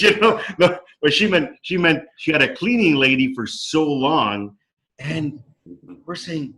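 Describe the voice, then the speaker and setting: A man's voice: fairly high pitch, animated, normal speed, bright, forceful tone, poor audio. A man in casual storytelling on a video call from his dining room, enthusiastic and acting out quoted dialogue. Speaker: company co-founder. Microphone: video call microphone.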